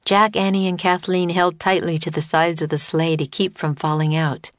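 A woman narrating a children's story audiobook in a clear, steady way. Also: on the low side, normal speed, no echo.

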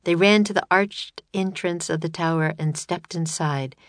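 Audiobook narrator, woman, low-ish voice, steady storytelling, close and dry. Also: moderate pace, dry recording.

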